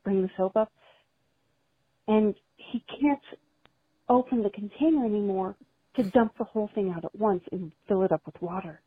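A woman leaving a recorded voice message for a podcast, telling a story in a measured, wry way. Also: mid-range voice, dry recording. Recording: tinny dry phone line.

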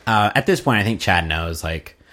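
A man's voice: low-pitched, expressive, normal speed, sharp tone. A man co-hosting a podcast in loose, casual chat. He is wry and sardonic and drops casual swears as he recaps. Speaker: podcast co-host.

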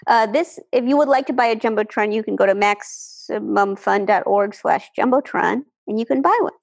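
A woman's voice: medium pitch, moderate pace, creaky. A woman co-hosting a comedy podcast over a video call, keeping the chat moving and reading an ad. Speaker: podcast co-host. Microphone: remote call microphone.

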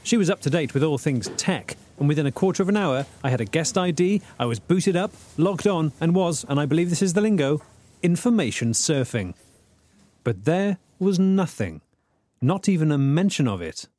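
Deadpan man narrating his own investigation. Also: fairly high pitch, moderate pace, no room sound. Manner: earnest, self-important, deadpan. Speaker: podcast host and investigator.

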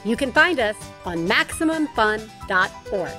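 A woman's voice: mid-range voice, big pitch swings, normal speed, sharp tone, faint music behind. A woman hosting a podcast ad, bubbly and jokey with her co-host. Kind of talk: playful podcast promo.

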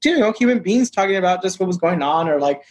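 Animated, higher-voiced man telling stories. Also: fast talker. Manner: animated, acts out quoted dialogue; frequent fillers like "like" and "you know". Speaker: actor guest. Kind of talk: casual interview storytelling.

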